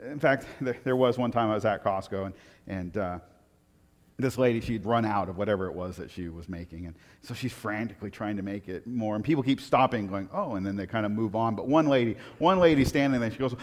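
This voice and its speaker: A man preaching a sermon, telling stories with lively swings from loud excitement to quiet reflection. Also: mid-range voice, a little fast, long reverb tail. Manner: animated storytelling, rising loud for anecdotes, dropping soft for reflection. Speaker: pastor.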